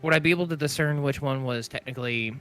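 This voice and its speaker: A man's voice: medium pitch, fast talker, fairly bright tone, faint music behind. A man playing a tabletop game, thinking aloud with many fillers. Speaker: player. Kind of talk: tabletop role-play.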